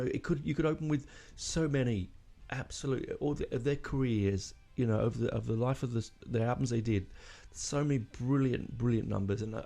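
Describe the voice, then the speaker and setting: A man with a mellow, medium-pitched voice touched by vocal fry hosts a solo podcast. He talks casually and with emotion, rambling, full of fillers, often restarting his sentences.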